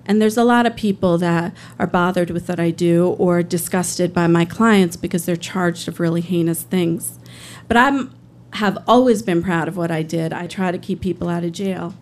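A woman and public defender telling a personal story on stage, conversational, earnest and emotional. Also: on the low side.

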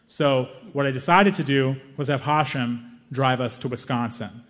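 A young man telling a stand-up story, animated and self-mocking, with quick asides. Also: medium pitch, big-room sound, slight background noise. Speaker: stand-up comedian.

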